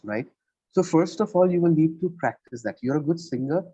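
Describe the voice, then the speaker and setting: Over a video call, a male English tutor patiently walks a single student through a lesson, tacking "right?" onto nearly each point. He sounds animated and a little fast, with a slightly high, dark voice and a breathy edge. There is no room sound, and the recording is muffled.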